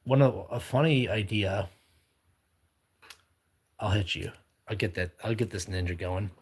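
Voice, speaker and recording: A man's voice: fairly low pitch, measured pace, a little mellow, slightly rough. A man hosting a casual live drawing stream, reading viewer comments aloud and chatting back in a rambling, upbeat way.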